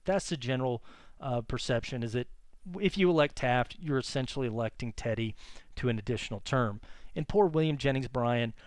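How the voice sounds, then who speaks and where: A man teaches history in a loose, chatty lecture, often pausing on fillers and correcting himself mid-sentence. His voice is smooth and clear, at a middle pitch, and recorded close and dry with no room sound. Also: no room sound. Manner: casual and conversational, many fillers and self-corrections.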